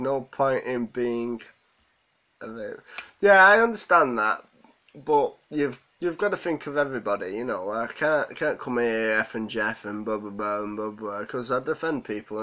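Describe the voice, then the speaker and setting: Nearly in tears, a man hosting a live stream rambles and responds to viewers' comments during an emotional chat. His medium-pitched voice is sharp in tone at a moderate pace, captured on a low-quality recording.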